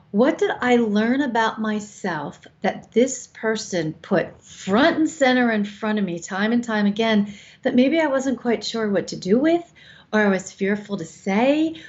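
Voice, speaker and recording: A woman's voice: medium pitch, a little mellow. A woman over fifty co-hosting a show, giving frank, coaching advice with casual swearing. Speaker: co-host. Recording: slightly dull lo-fi sound.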